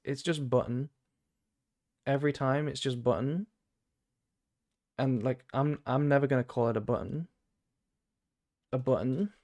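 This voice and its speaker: Man, British accent, gaming streamer, casual rambling self-talk, average pitch. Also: darkish tone. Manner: rambling, thinking aloud, frequent restarts. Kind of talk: casual gameplay chat.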